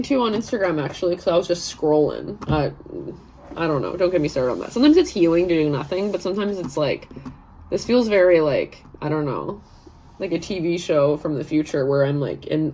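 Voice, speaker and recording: A woman's voice: fairly low pitch, a little mellow, a little hiss or hum. A woman in her thirties hosting a live stream, chatting casually and rambling, laughing often and reading viewer comments aloud. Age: 30s. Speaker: live session host.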